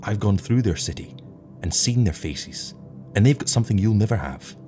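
A man's voice: low-pitched, animated, moderate pace, darkish tone, faint music behind, voice pushed up. An earnest, emotional young crewman, voiced by a man who stands up with open defiance. The voice is raised a little above the reader's own and carries real passion. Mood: defiant.

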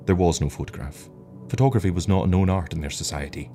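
A man narrates a story in a measured audiobook reading. His voice sits deep and low, with faint music underneath. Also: darkish tone.

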